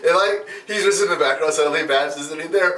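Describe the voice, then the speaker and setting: A man's voice: on the high side, quick pace, bright, forceful tone, roomy sound, recorded from a distance. A man co-hosting a casual chat, joking and laughing often. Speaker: co-host.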